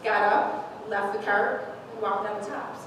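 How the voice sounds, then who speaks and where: This is a medium-pitched woman speaking a little slowly in a level tone. She's in her forties, giving a heartfelt church testimony while laughing through tears. The church hall echoes, the mic is distant, and there's noise.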